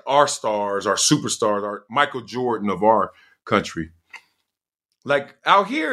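A middle-aged man hosts a casual podcast on his own, spinning stories with loose slang and frequent laughter. His voice is bright and forceful, and his pitch swoops lively up and down. He talks like he is chatting with old friends. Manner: animated storyteller, slangy, laughs often. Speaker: podcast host. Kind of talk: casual solo podcast monologue.

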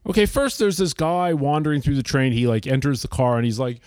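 A man's voice: medium pitch, brisk, a little mellow, no echo, clean studio sound. A middle-aged man, chatting casually and acting out the people in his stories. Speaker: podcast guest. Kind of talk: casual storytelling chat.

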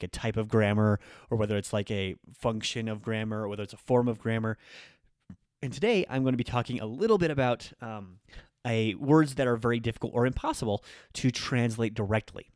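A man hosting a casual online language lesson, explaining in a relaxed way with frequent ums and likes. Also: on the low side, brisk, no room sound, clean studio sound. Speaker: language teacher.

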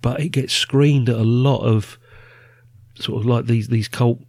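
A man hosting a casual chat, leading a list and talking in a relaxed, chatty way. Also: mid-range voice, measured pace, no room sound. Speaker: podcast host.

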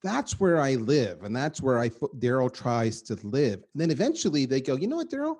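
A middle-aged man, a guest on a podcast, talking in an energetic and emphatic way and repeating words for effect. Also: medium pitch, normal speed, husky. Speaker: guest, marketing executive. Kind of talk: animated podcast conversation.

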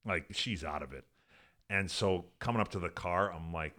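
A man telling profane, animated stories as a podcast guest, laughing as he goes. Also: low voice, normal speed. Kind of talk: casual storytelling.

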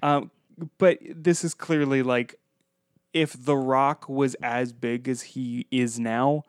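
A man's voice: medium pitch, slow, clear, resonant tone, no room sound. Guy on a movie podcast, chatty, jokey, does little impressions, dry close sound. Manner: animated, does playful impressions of film lines. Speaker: podcast co-host. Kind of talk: casual movie-review chat.

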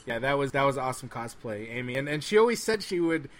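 Male host moderating a panel, brisk and upbeat. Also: mid-range voice, animated, fairly bright tone.

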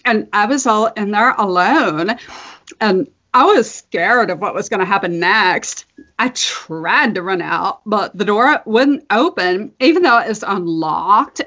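A woman on a podcast voicing a dramatic young woman who tells a spooky story in a breathless, halting way. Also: medium pitch, fairly bright tone, muffled recording. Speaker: podcast host.

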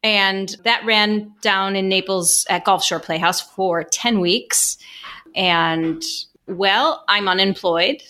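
A woman talking as a guest on a podcast, chatty and animated, laughing often, recorded remotely. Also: medium pitch, slow pace. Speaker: podcast guest, stage performer. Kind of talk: casual podcast chat. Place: remote call, away from the hosts.

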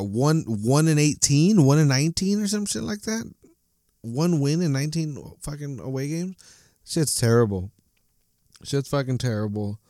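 An angry soccer fan commentator rants about his team in a casual monologue, swearing heavily and stumbling over his words. His voice is medium in pitch and a little mellow. The recording is studio quality with no room sound.

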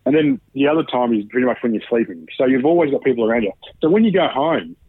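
A man's voice: medium pitch, expressive, quick pace, slightly rough, dry recording, phone-quality sound. A man, a guest telling a story in casual, swear-filled chat and acting out what people said. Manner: swears often, acts out quoted dialogue. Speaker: podcast guest.

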